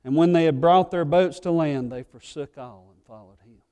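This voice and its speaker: A male pastor preaching a sermon. He swings from fervent, loud pleading to quiet, earnest low tones. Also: moderate pace. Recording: echoey hall reverb.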